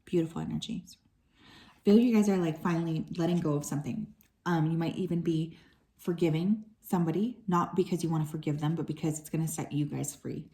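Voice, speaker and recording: Low, mellow-voiced woman reading tarot. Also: brisk, gravelly. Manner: relaxed and chatty, with frequent fillers and soft asides. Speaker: tarot reader.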